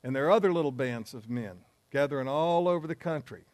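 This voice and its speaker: A man's voice: mid-range voice, fairly quick, darkish tone, no echo. A man teaching a men's group in an earnest, emphatic preaching style, with asides along the way.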